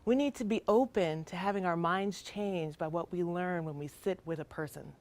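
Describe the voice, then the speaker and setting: A woman's voice: lowish voice, moderate pace, a little mellow. A middle-aged woman, a child welfare worker, giving an earnest, emphatic training talk with rhetorical questions.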